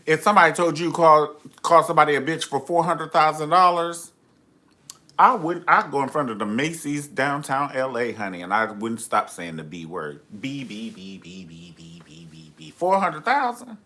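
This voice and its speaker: Sassy, campy man with a lively voice. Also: on the high side, moderate pace. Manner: sassy, campy, gossipy and theatrical. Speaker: host of a live review show. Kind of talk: live-streamed reality TV review chat.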